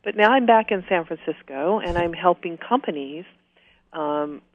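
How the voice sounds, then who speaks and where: A woman's voice: lowish voice, animated, normal speed, no room sound. This is a woman with a slight Southern US accent, speaking as a radio interview guest. She is friendly and talkative. The recording is dull and lo-fi, and it sounds dry. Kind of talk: conversational interview.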